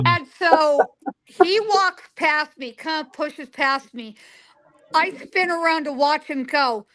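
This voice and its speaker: A woman's voice: high-pitched, takes it slowly. A woman in her forties, a guest psychic, telling stories in a casual interview and acting out the dialogue in them. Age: 40s. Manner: animated storyteller acting out dialogue.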